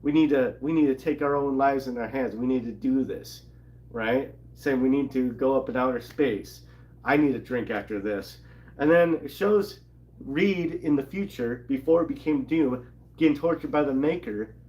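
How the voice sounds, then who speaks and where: A man at middle pitch talks through a comic book issue in a loose, rambling way. He reads lines aloud in passing and laughs between beats. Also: moderate pace, a little mellow. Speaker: comic channel co-host. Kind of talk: casual recap of a comic.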